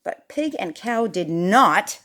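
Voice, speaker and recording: A woman's voice: mid-range voice, animated, takes it slowly, fairly bright tone. A woman reading a picture book aloud to a child, chatty and playful, stopping to talk about the pictures. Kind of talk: storybook read-aloud to a child.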